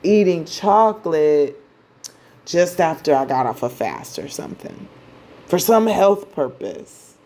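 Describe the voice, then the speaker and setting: A woman's voice: low-pitched, big pitch swings, takes it slowly, dark tone, exaggerated voice. A woman doing a fretful, comfort-seeking Moon. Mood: uneasy. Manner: hesitant, fretful. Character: uneasy comfort-seeking Moon, fussy and cautious.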